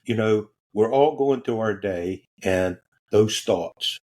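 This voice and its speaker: Husky man telling stories animatedly. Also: fairly low pitch, takes it slowly. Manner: animated, acts out quoted voices, curses casually. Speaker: podcast guest. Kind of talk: casual storytelling.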